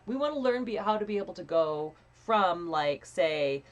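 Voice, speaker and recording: A young woman coaching a live voice training lesson in a casual, chatty way, swearing freely and demonstrating breathy and pinched sounds. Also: fairly low pitch, animated, moderate pace.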